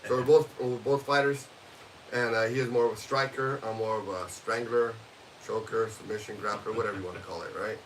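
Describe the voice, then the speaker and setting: A man hosting a casual podcast, loud and showy, teasing his co-host in banter. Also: on the low side, fairly even intonation, fairly quick. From California. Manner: boisterous showman, teasing banter. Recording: distant mic with hiss.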